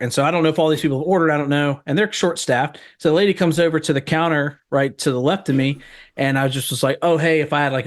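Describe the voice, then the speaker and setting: A man casually telling a story with lively, laughing retellings of an argument. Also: fairly high pitch.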